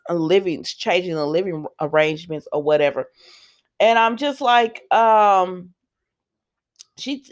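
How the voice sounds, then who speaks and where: A woman hosting a casual soap opera recap, chatty and full of fillers and asides as she retells the scenes. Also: fairly low pitch.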